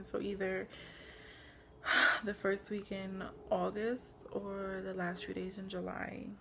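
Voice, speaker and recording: A young woman talks through a casual home vlog at a middle pitch, her voice a little gravelly. She rambles with plenty of fillers and sounds short of breath, over a faint hiss of background noise. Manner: rambling, lots of "like" and "um". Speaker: pregnancy vlogger. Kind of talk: casual chat.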